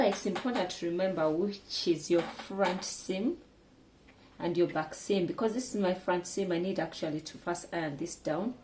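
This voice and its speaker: A woman's voice: on the low side, noisy background. A woman teaching a sewing project step by step in a casual way, often restarting and correcting her words as she works. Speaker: sewing tutor.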